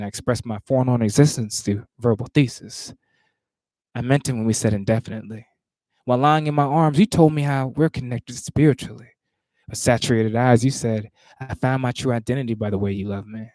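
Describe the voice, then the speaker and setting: A man rehearsing his own spoken word poetry, reciting lines, stopping, and talking to himself about pauses before starting over. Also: no room sound. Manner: stops and restarts lines, talks asides to himself; rises louder and higher when reciting.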